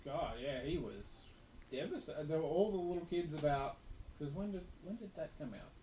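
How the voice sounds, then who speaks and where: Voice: mid-range voice, expressive, moderate pace, warm tone, reverberant, a little hiss or hum, low-quality recording. A speaker telling funny stories about being a parent, laughing through them. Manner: storytelling, laughing through anecdotes. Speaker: podcast guest and parent. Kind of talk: casual chat.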